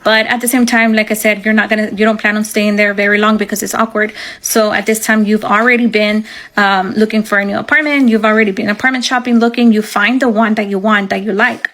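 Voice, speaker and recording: A woman's voice: medium pitch, steady tone, fast talker, fairly bright tone. A young woman telling her own story in a casual, chatty way, full of ums and likes. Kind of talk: storytime in second person.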